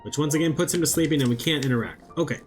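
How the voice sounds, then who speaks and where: A man's voice: on the high side, rapid-fire. Young guy streamer, chatty offhand game commentary, faint music in the background. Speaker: gaming streamer. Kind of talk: casual gameplay commentary.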